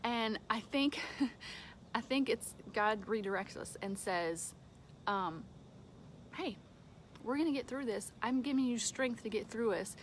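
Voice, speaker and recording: A woman's voice: on the high side, measured pace, long pauses, slight background noise. Woman giving a casual devotional talk. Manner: conversational with fillers and soft laughs. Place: home with a dog nearby.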